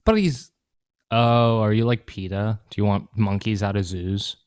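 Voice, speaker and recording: A man's voice: lowish voice, fairly even intonation, unhurried, darkish tone, smooth, no echo, clean studio sound. A man co-hosting a podcast, chatting casually in a rambling, profane, joking way. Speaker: podcast co-host.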